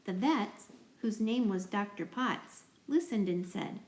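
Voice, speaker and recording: A woman with a mid-range voice reads a rhyming picture book aloud to children, taking it slowly in a rhythmic way and pausing to ask the listener questions. The recording has a roomy echo.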